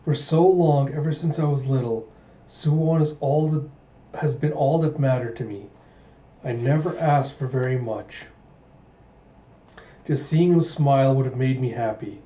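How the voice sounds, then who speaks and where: A man's voice: mid-range voice, a little slow, pauses often, warm tone, natural voice. A man voicing a grieving young princess as he reads a manga aloud, keeping close to his own voice. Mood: heartbroken. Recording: echoey room, dull lo-fi sound.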